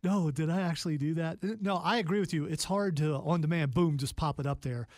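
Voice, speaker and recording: Male radio co-host, easygoing and self-deprecating, slightly high voice, dry close mic. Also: brisk, no room sound. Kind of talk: casual radio banter.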